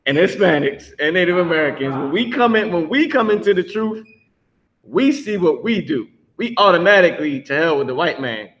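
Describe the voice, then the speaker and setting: A man's voice: fairly high pitch, fairly bright tone, poor audio. A man teaching a class, blunt and emphatic, swearing freely as he explains.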